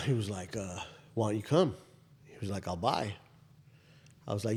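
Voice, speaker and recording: Rambling, animated male podcast host. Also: lowish voice, moderate pace, long pauses, husky. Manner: rambling, animated retelling with many "I was like" asides; frequent restarts and profanity. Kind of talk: casual storytelling chat.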